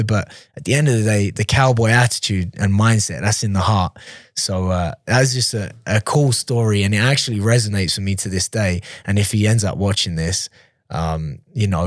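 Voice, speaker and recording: Podcast guest, a man with a lower voice, relaxed and chatty, often restarting sentences, recorded dry and close. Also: no room sound. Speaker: podcast guest, professional fighter. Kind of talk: casual storytelling in an interview.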